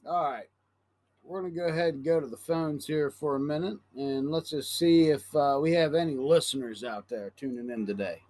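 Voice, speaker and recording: A man co-hosting a sports podcast with relaxed, profane banter. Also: a little high, moderate pace. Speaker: podcast co-host. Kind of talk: casual chat. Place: West Virginia.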